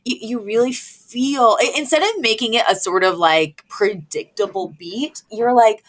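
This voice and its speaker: A woman co-hosting a podcast, chatting casually as she recaps a sitcom episode and acts out the characters' lines. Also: a little slow. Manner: animated, acts out quoted lines in a higher voice. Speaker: podcast co-host.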